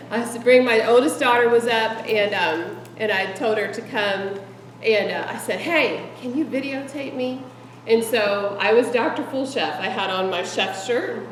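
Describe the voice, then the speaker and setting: Brief: middle-aged woman presenting to a group, chatty and animated, recorded off-mic in an echoey room with the audience audible. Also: a little high, recorded from a distance. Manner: chatty and animated, laughs often. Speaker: speaker sharing meeting ideas with fellow directors.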